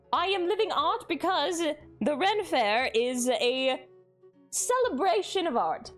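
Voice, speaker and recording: A woman's voice: sits high, sing-song, takes it slowly, soft background music. A young woman streaming live, chatting casually, giggling and greeting her viewers as she reads chat.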